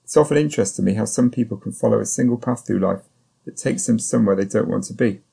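A male narrator reads a first-person novel in a measured, sombre manner. His voice sits low and is heavily gravelly, with a dark, husky grain. The delivery is steady and even. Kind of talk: audiobook narration.

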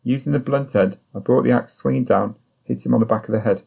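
A man narrating an audiobook in the first person, in a steady, measured way. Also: medium pitch, vocal fry, slightly rough.

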